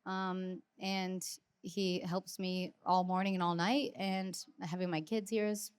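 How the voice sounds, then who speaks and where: A woman's voice: lowish voice, little pitch movement, takes it slowly, smooth. Bubbly woman in her thirties chatting. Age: 30s. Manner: bubbly, laughs often, acts out quotes. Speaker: podcast co-host. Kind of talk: casual chat.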